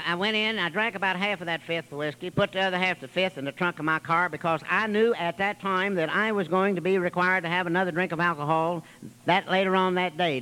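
A man's voice: sits high, sharp tone, smooth, low-quality recording. A man speaking at a recovery meeting, telling his story in a folksy, wry way with long piled-up lists. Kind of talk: storytelling testimony.

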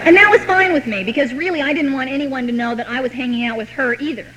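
A woman telling her own recovery story to a meeting, with wry, deadpan humor. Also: high-pitched, fast talker, few pauses, background noise. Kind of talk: personal recovery story told to an audience.

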